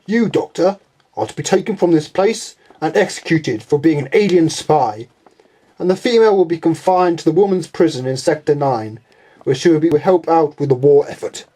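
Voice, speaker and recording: A man's voice: on the high side, normal speed, mellow, slightly rough. A man voicing an officious soldier who serves a villain in a fan-made action figure drama, declaiming sentences.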